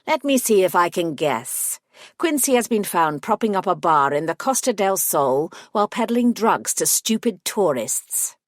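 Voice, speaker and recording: A woman voicing a prickly male gremlin solicitor who talks in a sharp, scornful, clipped way. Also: mid-range voice, lively intonation, a little slow, no room sound, studio quality, pitched above the performer's own voice, lightly acted. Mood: disdainful.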